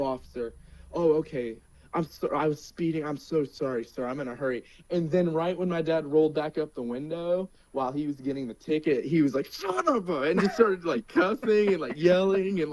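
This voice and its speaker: A young man, a wrestler being interviewed, telling road stories in a casual, animated way and laughing now and then. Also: fairly high pitch, dry recording, poor audio. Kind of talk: casual storytelling.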